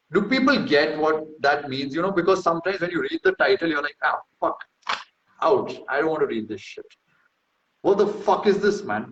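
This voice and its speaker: Brash, profane man in an echoey room. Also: a little high. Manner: brash, profane and mocking, boastful asides. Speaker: host. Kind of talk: casual talk reading through a research paper. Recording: echoey room, slightly dull sound.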